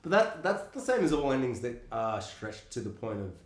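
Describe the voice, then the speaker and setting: A man's voice: medium pitch, moderate pace. A man co-hosting a casual podcast about films, talking animatedly, swearing often and acting out lines from scenes. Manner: animated, swears a lot, acts out quotes. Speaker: podcast co-host. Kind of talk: casual film discussion. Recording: roomy echo.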